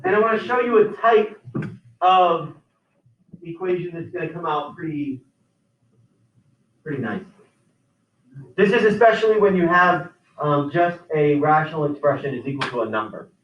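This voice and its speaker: High-voiced man teaching algebra in a classroom. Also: animated, normal speed, pauses often, a little hiss or hum. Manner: explains step by step, with many restarts. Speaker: math teacher. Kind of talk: classroom lecture. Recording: roomy, distant, dull lo-fi sound.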